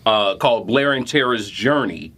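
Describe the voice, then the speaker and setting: Halting man in a casual chat. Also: lowish voice, a bit bright, slightly rough. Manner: halting, with many restarts and agreeing interjections. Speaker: podcast co-host.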